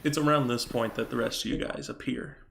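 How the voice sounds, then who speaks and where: Gravelly-voiced man running the game. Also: mid-range voice, steady tone, a little fast, very noisy. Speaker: game master. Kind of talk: narrating a tabletop game.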